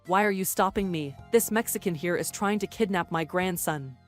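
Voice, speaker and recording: A woman's voice: fairly low pitch, normal speed, soft background music, natural voice. A woman playing a bossy meddling older lady. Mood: accusing. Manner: accusing, bossy. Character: meddling older woman, self-righteous accuser.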